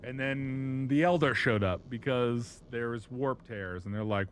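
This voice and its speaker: A man's voice: mid-range voice, measured pace, slight background noise. Profane, rambling man streaming. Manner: profane, rambling, animated storytelling. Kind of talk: casual live-stream chat.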